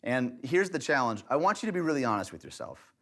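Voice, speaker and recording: A man of middle pitch teaches a church relationship session on camera. His delivery is direct and conversational, with a wry, light humor woven in. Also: very animated, fast, fairly bright tone. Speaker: pastor teaching a relationship class.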